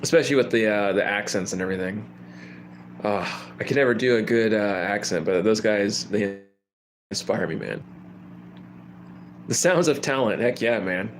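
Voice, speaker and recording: A man's voice: fairly low pitch, normal speed, long pauses, a little hiss or hum. A man in his thirties hosting a casual guitar livestream, laid-back and chuckling, saying "man" and "dude" a lot. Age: 30s. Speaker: livestream host.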